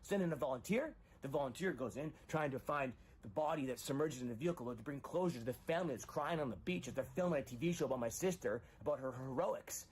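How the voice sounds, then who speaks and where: A man's voice: medium pitch, lively intonation, fast talker, few pauses, darkish tone, a little hiss or hum. A middle-aged man in a rambling, emotional confessional monologue, distraught and repeating himself. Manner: rambling, repetitive, grief-stricken, voice rising when agitated. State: distraught after a breakup and a loss.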